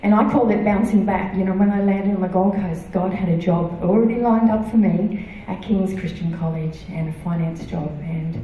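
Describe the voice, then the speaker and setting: A woman's voice: medium pitch, distant mic, muffled recording, a little hiss or hum. Woman giving testimony in an echoey hall. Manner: halting, many fillers and restarts. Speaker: church member giving testimony. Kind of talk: personal testimony. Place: church hall.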